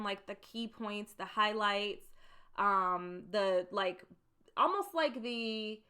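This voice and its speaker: A woman in her thirties giving casual, emphatic career advice to her viewers, repeating her key points, with a soft voice that she says can sound meek. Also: on the high side, clear, resonant tone. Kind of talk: casual advice talk to camera.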